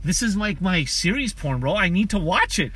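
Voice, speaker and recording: A man comedian in casual chat, joking and excitable in quick banter. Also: high voice, slight background noise.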